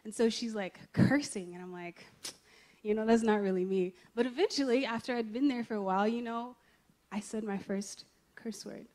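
A woman's voice: on the high side, moderate pace, a little mellow. A young adult woman giving a sermon in a church service, telling a story in a chatty way with lots of fillers. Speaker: guest preacher.

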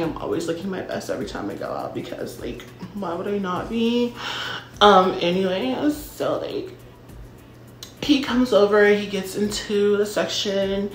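A woman's voice: mid-range voice, a little hiss or hum. A young woman spins a comedic storytime in a brash, self-absorbed valley-girl voice, with "like" dropped into every other phrase and casual swearing. Her voice sits in an ordinary middle register. The recording carries a roomy echo. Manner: ditzy valley-girl talk full of "like".

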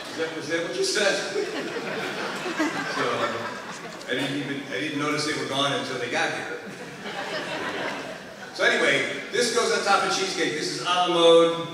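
Guy bantering between jazz tunes, chuckly and rambling, noisy echoey room. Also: on the high side. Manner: joking, rambling, chuckles often. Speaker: bandleader introducing tunes. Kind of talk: stage banter at a live concert. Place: concert hall with an audience. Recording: echoey hall from far off, noisy.

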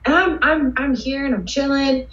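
A woman guest telling excitable, rambling stories with lots of fillers in a casual interview. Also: high-pitched, moderate pace. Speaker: guest cosplayer. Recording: roomy, dull sound.

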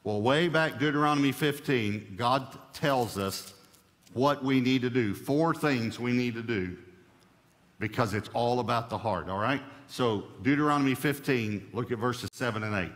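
A man's voice: mid-range voice, normal speed, a bit bright, long reverb tail. A male pastor preaching a sermon, stressing key points by repeating them.

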